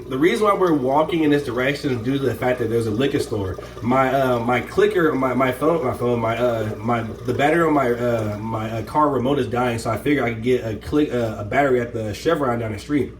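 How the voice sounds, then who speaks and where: A man casually telling a story, animated and full of fillers and restarts. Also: medium pitch, echoey room, recorded from a distance, slight background noise, rough recording. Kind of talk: casual story time chat.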